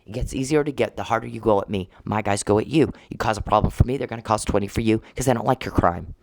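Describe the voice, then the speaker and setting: A man's voice: fairly low pitch, fast, creaky, no echo. A man delivering an angry, profane monologue at an opponent, rambling and restarting as he goes. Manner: profane and confrontational.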